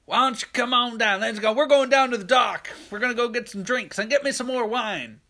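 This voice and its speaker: A man putting on a loud cheery aunt. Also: fairly high pitch, brisk, pitched above the performer's own voice. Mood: cheerful. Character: loud cheerful aunt calling her dog.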